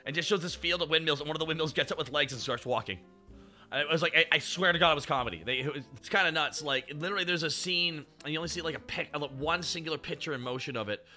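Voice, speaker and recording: Guy streamer going off to chat, swears a lot, super bright kinda high voice. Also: fast talker, faint music behind. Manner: animated, swearing and laughing often. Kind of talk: casual chat.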